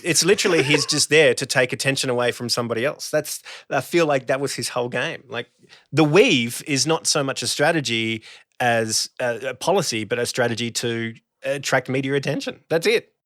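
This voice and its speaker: A man's voice: mid-range voice, fairly quick, a bit bright, no room sound, clean studio sound. A man hosting a podcast, introducing segments and guests with a joking manner. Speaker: podcast host. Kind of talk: casual chat.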